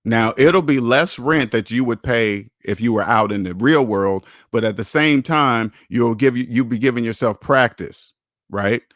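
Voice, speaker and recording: A man's voice: medium pitch, a little slow, a bit bright, no room sound, clean studio sound. A man hosting a live finance Q&A, lecturing bluntly, swearing for emphasis and repeating his points. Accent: American English. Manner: repeats himself, rises sharply when mocking. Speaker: personal finance show host. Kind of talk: live Q&A stream, answering chat.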